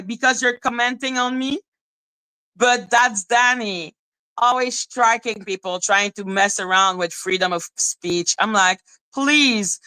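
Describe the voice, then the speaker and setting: Bright-voiced woman ranting on a livestream. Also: smooth, no echo. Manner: heated, profane, breaks into high sing-song greetings. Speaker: livestream host. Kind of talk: livestream rant chatting with viewers.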